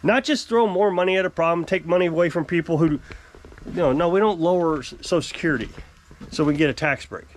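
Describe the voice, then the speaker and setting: A man's voice: on the high side, quick pace, a little hiss or hum. A middle-aged man hosting his own channel, ranting in a casual, opinionated way and putting on voices when he quotes people. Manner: animated, opinionated, mimics voices when quoting. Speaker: channel host. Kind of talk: casual political vlog rant.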